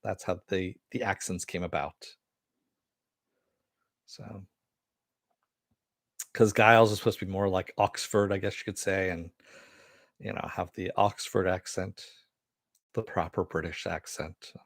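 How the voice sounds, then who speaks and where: A man's voice: low-pitched, fairly even intonation, unhurried, gravelly, pauses often, no room sound, clean studio sound. An American man hosting a casual live stream, rambling and reading viewer comments aloud. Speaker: host.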